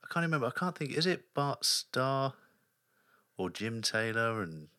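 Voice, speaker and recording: A man hosting a podcast, telling stories in wry, relaxed casual chat. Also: mid-range voice, normal speed, no echo, studio quality. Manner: storytelling, wry. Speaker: podcast host, flag football player.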